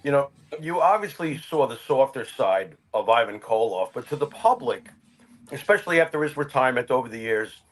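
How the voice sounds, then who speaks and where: A man's voice: medium pitch, big pitch swings, fairly quick, rough recording. An older man co-hosting a wrestling interview show, asking questions in an emphatic, rambling way. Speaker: podcast co-host. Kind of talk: conversational interview.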